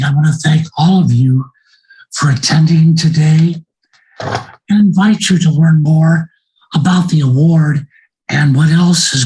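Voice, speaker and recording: A man on a video call delivers formal closing remarks for a library board. He speaks slowly and deliberately in a somewhat high voice. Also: a little mellow, rough recording. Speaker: board member presenting an award.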